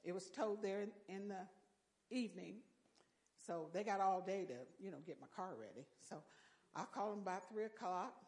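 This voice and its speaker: An older woman giving a folksy church testimony with lively storytelling and exclamations of praise. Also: medium pitch, moderate pace.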